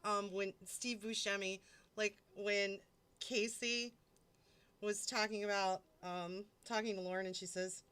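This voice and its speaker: A woman hosts a live stream in a loose, rambling chat, cursing freely and giggling as she goes. Her voice is bright and forward, and she takes her time with each phrase. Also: medium pitch, level tone, unhurried, smooth. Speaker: livestream host.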